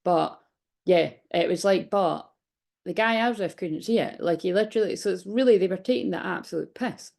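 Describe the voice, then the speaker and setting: A woman's voice: lowish voice, a little fast, creaky, darkish tone. A woman in her late thirties doing a chatty, rambling tarot reading vlog, hiccuping and a bit out of breath. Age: 30s. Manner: rambling, chatty, many restarts. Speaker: tarot reader.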